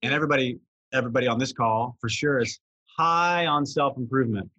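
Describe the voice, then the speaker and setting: A man with a Southern US accent, a coach calmly explaining ideas step by step in conversation. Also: medium pitch, quick pace, no echo, highs cut off.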